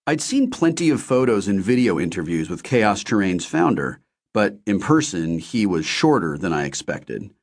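Guy reading a sci-fi audiobook, lowish voice, steady telling. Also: moderate pace. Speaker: audiobook narrator. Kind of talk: scripted narration.

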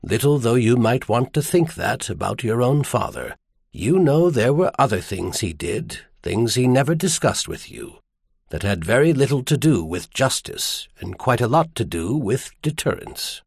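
A grave middle-aged earl speaks gently and somberly, weighing each word, as a man voices him in an audiobook. His voice moves expressively in pitch. The sound is dry and close. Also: very animated, normal speed, gravelly, slightly rough, no echo, full character voice. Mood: gentle. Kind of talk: audiobook character voice.

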